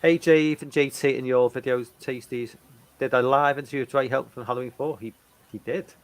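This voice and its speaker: Man in his forties, co-host, rambling, restarts a lot, mid-pitched voice. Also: steady tone, fairly quick. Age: 40s. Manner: rambling, full of restarts and fillers. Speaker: co-host reading the chat. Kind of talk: casual live-stream chat.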